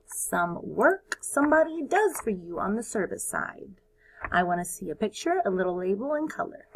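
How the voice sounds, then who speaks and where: Woman, first grade teacher, video lesson, animated pitch, sing-song, encouraging, sounds out words slowly. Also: a little hiss or hum. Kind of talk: recorded lesson for young children.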